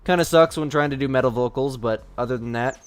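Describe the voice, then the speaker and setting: A man's voice: mid-range voice, fast talker, clean tone, soft background music. A man streaming a hunting game live, chatting casually and scolding his dog between shots.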